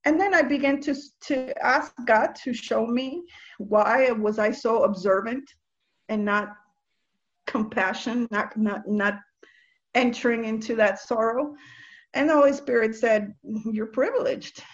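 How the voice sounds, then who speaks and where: A woman's voice: fairly high pitch, measured pace. A woman from Nicaragua giving a personal testimony about faith and empathy, earnest and reflective, often restarting and repeating words. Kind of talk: personal testimony, casual talk. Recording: dull lo-fi sound.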